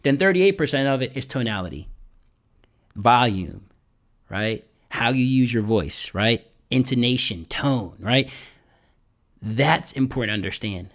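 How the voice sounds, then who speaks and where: A man hosting a motivational podcast, speaking at an average pitch. He talks with animated energy and repeats his points for emphasis. He keeps checking in with his listeners. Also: a little slow. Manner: drops to a whisper for emphasis, then booms. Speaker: podcast host.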